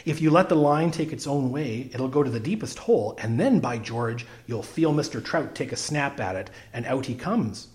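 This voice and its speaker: A man gives voice to an eager, talkative fisherman from a storybook. He confides his tricks in detail, his pitch swinging lively through each sentence. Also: moderate pace, few pauses, natural voice. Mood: enthusiastic. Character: chatty expert trout fisherman on a train.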